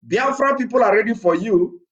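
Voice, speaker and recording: A male preacher with a voice pitched high for a man. He delivers a fired-up political address, defiant and emphatic, repeating his key words again and again. The recording sounds dull and lo-fi. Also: normal speed.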